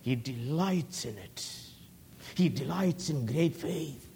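A male preacher delivers his sermon at an unhurried pace. His delivery swings between fervent, raised cries and near-whispered pleas. A faint background rumble sits under the voice. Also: expressive. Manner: impassioned, swings from loud cries to hushed whispers.

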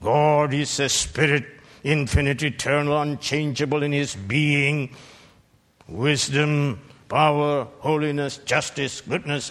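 A man preaching a fiery sermon, rebuking his hearers and bursting into shouted peaks between slow, deliberate lines. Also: a little high, steady tone. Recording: long hall reverb.

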